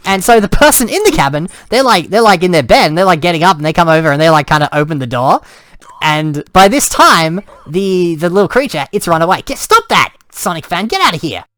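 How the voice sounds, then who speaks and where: A man's voice: a little high, expressive, fairly quick, a bit bright, no echo. A man telling a story in a casual way, acting out cries and sounds and often restarting his sentences. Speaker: storyteller and host.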